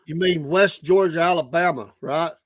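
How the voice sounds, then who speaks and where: A man's voice: on the high side, moderate pace, dry recording. A man in his sixties co-hosting a casual chat show, ribbing his partner in an easygoing way. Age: 60s. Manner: teasing, easygoing. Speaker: show co-host.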